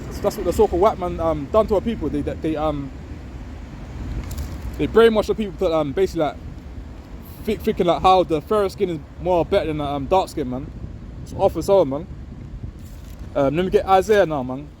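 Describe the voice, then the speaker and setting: A man giving an informal, rambling religious talk. He tags nearly every phrase with "man" or "innit" and reads scripture slowly and loudly. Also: on the high side. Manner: reads scripture slow and loud. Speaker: street preacher. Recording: windy outdoor recording with wind noise on the mic.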